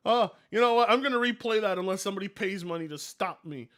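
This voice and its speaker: A man streaming live, reacting to videos with loud, mocking commentary, yelling and laughing at what he watches. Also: sits high, expressive, fast.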